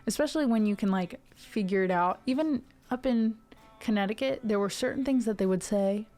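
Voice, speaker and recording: Over faint background music, a twenty-something music streamer from Ohio chats casually and rambles to her live stream viewers, full of fillers and tangents. Her neutral General American voice is mid-range, mellow, and a little fast.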